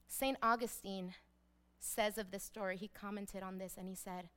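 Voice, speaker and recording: A woman pastor preaching a sermon, emphatic, repeating key phrases and dropping to a hush for weight. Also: medium pitch, brisk, smooth.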